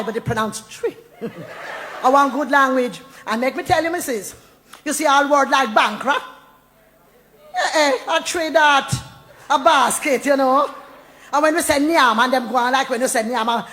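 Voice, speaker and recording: A woman's voice: sits high, a bit bright, a little hiss or hum. A woman with a Jamaican accent talking and reciting verse, playful and laughing often, slipping into Jamaican Patois. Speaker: poet and storyteller. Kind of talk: lively spoken talk with recited verse.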